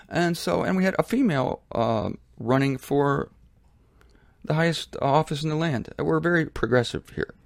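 A man with a gravelly, fry-edged voice and a mid-range pitch talks straight into a front-facing camera in a laundry room, hosting his own show. He speaks emphatically and repeats himself, and his pitch leaps high when he mocks a view. The sound is dry and close. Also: no room sound. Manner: emphatic, repetitive, swings to high pitch on mocking lines. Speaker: show host. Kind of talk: casual opinion monologue.

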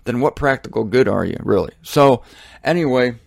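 A middle-aged American man speaks about faith in a blunt, fervent monologue, with a plain middle pitch. He pushes up into emphatic bursts when he makes a point. The recording is dry and close, with no room sound. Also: lively intonation, moderate pace, creaky, no room sound. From Ohio, United States. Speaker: Christian teacher.

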